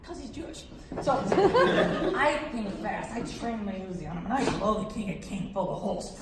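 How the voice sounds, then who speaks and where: A woman's voice: medium pitch, very animated, normal speed, recorded from a distance, lightly acted. A woman on a theatre stage playing a brash, foul-mouthed young guy who tells his story with swagger. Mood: boastful. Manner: cocky, profane, swaggering storytelling. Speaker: stage actor. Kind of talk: live theatre monologue. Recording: roomy theatre recording from afar, hiss.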